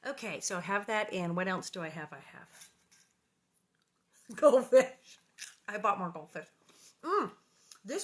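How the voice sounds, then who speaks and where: A woman's voice: medium pitch, sing-song, unhurried, long pauses. A middle-aged woman hosting a casual livestream from her living room, chatting in a bubbly, rambling way with lots of asides. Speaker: livestream host reading aloud.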